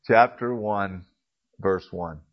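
A man teaching a casual Bible class in a church classroom. He clears his throat often and corrects himself as he goes. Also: on the low side. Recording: dull lo-fi recording.

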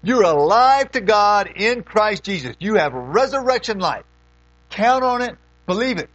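A folksy middle-aged preacher, his somewhat high voice rising and falling widely as he moves from loud questions to hushed asides. A mains hum runs low under the sermon. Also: dry recording, dull audio.

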